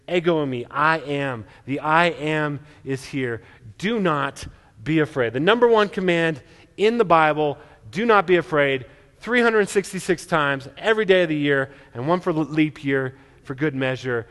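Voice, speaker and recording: Brief: earnest male preacher, stammered restarts, high-set voice, long reverb of a large hall. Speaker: pastor. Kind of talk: sermon.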